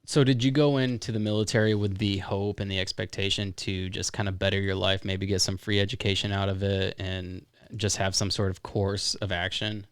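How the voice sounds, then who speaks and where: A man's voice: low voice, level tone, a little fast, few pauses, clear, resonant tone, no room sound. A man hosting a podcast, asking his guest short questions and giving brief, encouraging replies. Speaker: podcast host. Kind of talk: interview questions and ad read.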